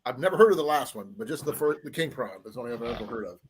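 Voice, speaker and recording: A man's voice: mid-range voice, lively intonation, rapid-fire, a little hiss or hum. A man hosting a casual live-stream chat, bantering and teasing his co-hosts. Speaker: host.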